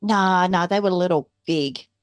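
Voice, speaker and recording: A woman's voice: lowish voice, measured pace, no echo. A woman playing in a tabletop game, describing her character's moves in a playful, casual way. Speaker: player.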